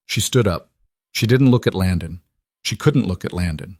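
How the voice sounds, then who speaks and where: A man reads a scripted story aloud in a measured, even storytelling manner. His voice sits low. The recording is close and dry with no room sound. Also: no echo. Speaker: narrator. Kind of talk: scripted narration.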